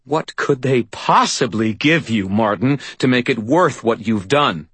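High shaking woman furious and hurt, husky-voiced man putting her on, audiobook. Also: lively intonation, measured pace, a bit bright, dry recording. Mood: contemptuous. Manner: contemptuous, shaking with pain. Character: anguished furious adult woman.

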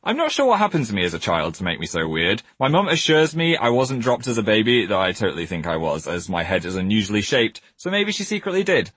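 A man reads out funny stories about his own childhood in a playful, self-mocking voice. His pitch swings a lot and has a slightly husky grain. The recording is close and dry. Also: wildly swooping pitch, fast, few pauses, a bit bright, dry recording. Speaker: co-host reading his own book. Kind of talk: casual comic reading and chat.

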